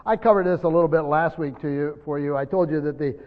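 A fairly high-voiced man teaches scripture, talking it through conversationally and restarting phrases as he explains. The recording is dull and lo-fi, with a long reverb trailing his voice. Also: fast talker. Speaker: Bible teacher. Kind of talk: Bible study teaching.

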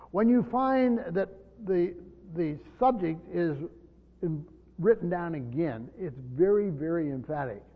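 A man preaching an expository sermon, explaining a text and often repeating words as he goes. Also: on the high side. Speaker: pastor. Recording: muffled recording with long hall reverb.

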